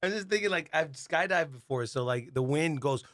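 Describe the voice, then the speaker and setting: A man's voice: fairly high pitch, expressive, moderate pace, fairly bright tone, dry recording, studio quality. A man co-hosting a comedy podcast who laughs a lot and reads facts out plainly. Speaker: podcast co-host. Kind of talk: casual comedy podcast banter.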